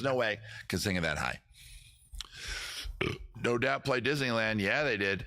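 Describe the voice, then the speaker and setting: A man with a baritone voice, hosting his own live stream and joking about himself in loose, rambling banter between songs. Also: lively intonation, normal speed, long pauses. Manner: self-deprecating, chatty, jokey. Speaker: host and guitarist of a live stream show. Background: his own guitar.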